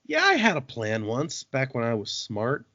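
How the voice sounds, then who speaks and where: A man's voice: medium pitch, wildly swooping pitch, moderate pace, pushed and bright, no room sound, exaggerated voice. A man voicing a scatterbrained, fading male god who talks in a flippant, rambling way. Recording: dull lo-fi podcast audio.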